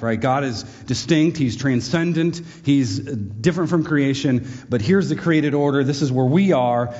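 A man's voice: mid-range voice, darkish tone. Man preaching with wry asides in an echoey hall. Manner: wry, joking asides, conversational. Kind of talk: sermon-style teaching to a live audience. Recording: echoey hall, dull lo-fi sound.

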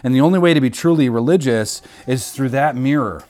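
A man's voice: mid-range voice, brisk, darkish tone. A man preaching a sermon, earnest and emphatic, repeating key phrases for weight.

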